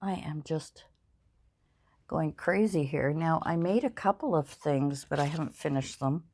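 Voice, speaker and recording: An older woman hosting a crafting channel rambles casually while she crafts, joking at her own expense and using many fillers. She speaks a little slowly in a low, slightly mellow voice.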